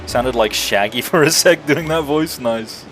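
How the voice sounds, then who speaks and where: A man's voice: medium pitch, unhurried, faint music behind. A young man streaming a video game, chatting casually and telling stories with lots of laughter and swearing. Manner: lively, laughing, swearing storyteller. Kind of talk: casual gaming livestream chat.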